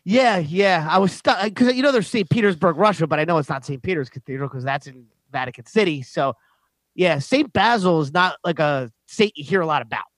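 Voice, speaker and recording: A man co-hosting a trivia podcast in casual chat, teasing and thinking out loud. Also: fairly high pitch, expressive, a little fast, no room sound. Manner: playful, thinks aloud, teasing.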